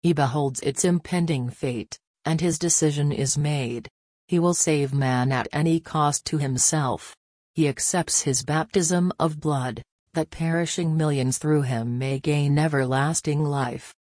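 Female reader for devotional narration; solemn, measured pace, low register, dry recording. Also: a little mellow, no echo. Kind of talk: devotional book reading.

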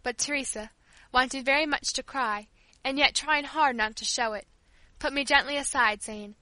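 A woman reading a story aloud in a gentle, earnest narrating manner. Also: sits high, normal speed, no room sound, low-quality recording. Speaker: reader. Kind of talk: audiobook narration.

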